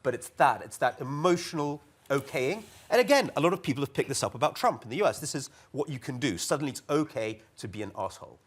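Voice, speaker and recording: Animated male panelist, former TV producer. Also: medium pitch, breathy edge. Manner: animated, repetitive, quick asides. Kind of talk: panel discussion talk.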